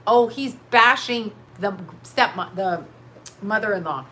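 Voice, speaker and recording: A woman's voice: mid-range voice, lively intonation, moderate pace, a bit bright, a little hiss or hum. A woman hosting a casual commentary show, rambling frankly with lots of swearing and frequent bursts of laughter. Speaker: host.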